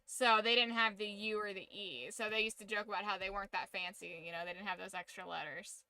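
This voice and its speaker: A woman's voice: medium pitch, steady tone, fast, sharp tone, no echo. A woman streaming a game, chatting casually with rambling, joking, opinionated asides. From United States. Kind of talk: casual chat while gaming on stream.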